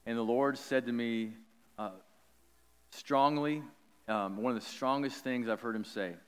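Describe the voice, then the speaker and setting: A man of middle pitch preaches, slipping into a loose, conversational storytelling voice full of likes and ums. His voice rings out with a long reverb, as in a large hall. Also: a little slow, clean tone. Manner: animated, chatty, many likes and ums. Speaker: pastor. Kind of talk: sermon told as a personal story.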